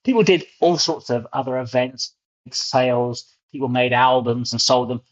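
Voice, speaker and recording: At a moderate pace with fairly even intonation and medium pitch, a middle-aged man with a London accent recounts stories as an interview guest. He repeats words as he gets going; the audio is muffled lo-fi, and he is from England.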